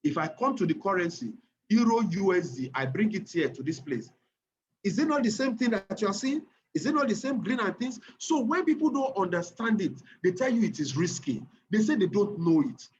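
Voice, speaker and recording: A man with a Nigerian accent leads an online trading lesson. His voice sits high and swings widely in pitch as he repeats points and checks on his listeners. The recording is muffled and lo-fi, with faint noise underneath. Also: a little fast. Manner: animated, repeats phrases, keeps checking the audience. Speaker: trading instructor. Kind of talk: online class lecture.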